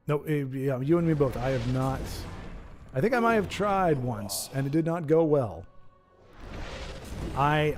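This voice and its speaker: A man hosts a live stream over background music, chatting with viewers and commentating a card game match in a rambling, self-mocking, jokey style. His voice is mid-range with a darkish tone.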